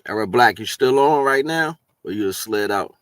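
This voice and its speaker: Low-voiced man musing in casual chat. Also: lively intonation, normal speed, fairly bright tone, no echo, clean studio sound. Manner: rambling, musing, lots of "you know what I'm saying".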